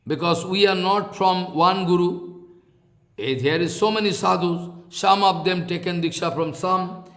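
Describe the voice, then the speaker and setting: A man with an Indian accent giving a spiritual discourse, halting and repeating his phrases, now and then chanting verses. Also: high voice, fairly bright tone, roomy sound. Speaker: scripture teacher. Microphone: online talk.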